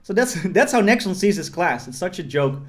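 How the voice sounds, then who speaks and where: A young gaming YouTuber with a fairly high voice gives loose, joking voice-over commentary on his gameplay, rambling with lots of fillers and restarts as if chatting to viewers from his desk. He speaks briskly, with big pitch swings.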